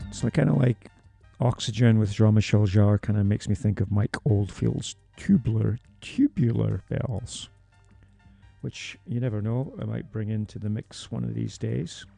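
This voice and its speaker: Gravelly, dark-voiced man DJing over music. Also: on the low side, normal speed. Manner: chatty, jokey, talks to himself. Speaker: radio DJ. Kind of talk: casual radio back-announcing. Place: small radio studio. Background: music playing underneath.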